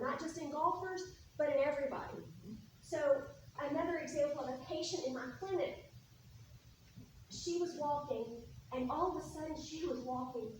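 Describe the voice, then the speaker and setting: Brief: female therapist presenting, high voice, animated anecdotes, recorded from a distance in a very reverberant room. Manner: lively storyteller who acts out quoted dialogue. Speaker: speech therapist presenting to a support group. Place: meeting room. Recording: very echoey room, mic far off, faint noise.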